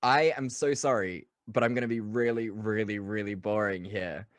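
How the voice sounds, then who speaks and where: A man's voice: on the low side, steady tone, moderate pace, no echo, clean studio sound. A man co-hosting a podcast in casual chat, joking and rambling with frequent laughs. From South Africa. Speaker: podcast co-host.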